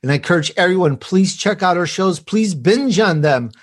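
A man's voice: high voice, animated, normal speed, slightly rough. A man guesting on a podcast, talking with enthusiasm and rambling a little with restarts. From Italian heritage. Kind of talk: podcast interview.

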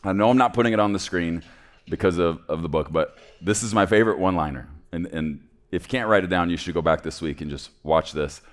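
A man preaching a sermon in a church, playful, swinging between loud emphasis and hushed asides. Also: deep voice, quick pace. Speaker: pastor.

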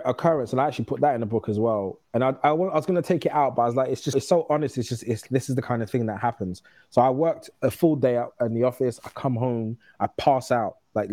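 A man's voice: medium pitch, dark tone, no echo. A man in his thirties, a guest telling candid personal stories in casual conversation, often restarting his phrases. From United Kingdom. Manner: candid, storytelling, quick restarts.

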